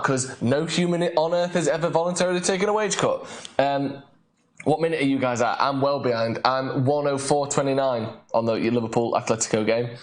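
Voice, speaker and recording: A man hosting a casual late-night live stream, chatting and reading out viewer comments. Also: mid-range voice. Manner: chatty, reads viewer comments, gets loudly excited over a match.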